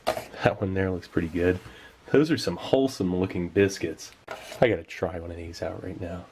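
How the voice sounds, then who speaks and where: A man's voice: deep voice, fairly even intonation, normal speed, darkish tone, a little hiss or hum. A man giving casual, enthusiastic commentary while tasting old rations, sometimes talking with his mouth full. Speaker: food tasting vlogger.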